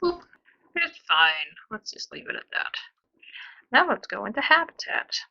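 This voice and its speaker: Brief: woman, fairly high voice with gravelly fry, casual gameplay chatter, playful and muttery. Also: sing-song, moderate pace, bright, forceful tone, dull audio, a little hiss or hum. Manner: chatty, playful sound effects, mutters half-whispered asides. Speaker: gameplay streamer building a zoo. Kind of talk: casual commentary while playing.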